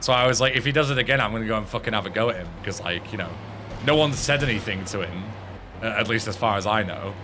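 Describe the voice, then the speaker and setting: A man's voice: fairly low pitch, fast talker, noisy background. An English man streaming a game, chatting casually and telling a story with lots of swearing. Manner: animated storyteller who swears freely. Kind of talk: casual chat while gaming.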